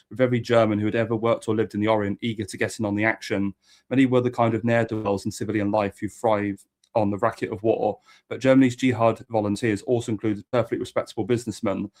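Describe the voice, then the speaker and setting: A man's voice: fairly low pitch, darkish tone. A man reading a history book aloud as host and adding occasional asides.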